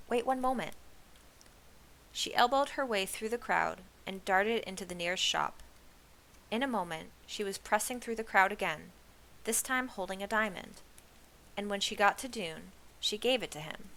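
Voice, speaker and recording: A woman reading a children's novel aloud in an expressive storybook style. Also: medium pitch, normal speed, vocal fry. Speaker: reader of a children's book.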